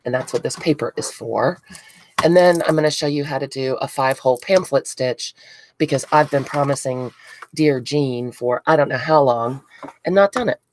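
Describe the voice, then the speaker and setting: A woman's voice: very deep voice, normal speed. A congested woman hosting a casual crafting livestream, chatting with viewers by name and gushing over what she unboxes. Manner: chatty, greets viewers by name, gushes excitedly. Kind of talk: casual live chat while crafting.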